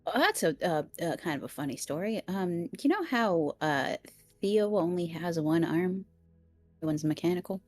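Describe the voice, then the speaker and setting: A woman playing a tabletop game, giggly and animated, telling stories with halting restarts. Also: lowish voice, no room sound, soft background music. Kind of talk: in-character table banter.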